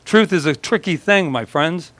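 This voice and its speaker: A man's voice: fairly high pitch, lively intonation, normal speed, a bit bright, dry recording. A male pastor giving a conversational sermon at a church service, joking with the congregation and telling stories with animation.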